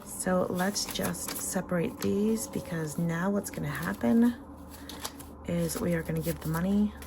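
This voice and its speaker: A woman in a casual home vlog, counting cash and talking about her savings with excited emotion. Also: fairly low pitch, normal speed, creaky, background noise. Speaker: savings vlogger.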